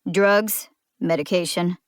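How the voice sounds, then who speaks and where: A woman voicing a gruff male small-town cop who asks short questions in a flat, dry way. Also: on the low side, takes it slowly, dry recording. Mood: accusing.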